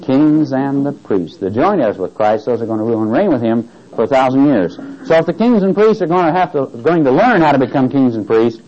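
A man's voice: a little high, darkish tone. A man preaching a Bible-teaching sermon, reading scripture aloud with emphasis and putting questions to the congregation for them to answer. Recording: dull lo-fi sermon recording.

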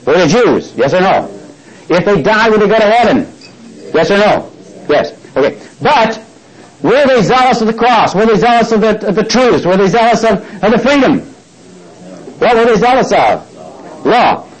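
Man, preacher, sermon, call-and-response, restarts often, fairly high voice. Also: rough recording. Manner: call-and-response, prompting the congregation to finish lines; storytelling, acting out quoted speakers. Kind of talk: sermon teaching scripture.

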